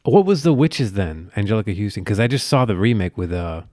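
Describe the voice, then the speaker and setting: Low-voiced rambling podcast man. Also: sing-song, darkish tone, no echo, studio quality. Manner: rambling, jokey, slips into quick impressions. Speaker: podcast co-host. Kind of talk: casual chat.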